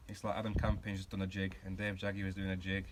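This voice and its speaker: Chatty man with a low voice. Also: monotone, fast, a little hiss or hum. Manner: chatty, self-mocking, rambling asides while working. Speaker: hobby car restorer and channel host. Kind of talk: casual workshop vlog chat.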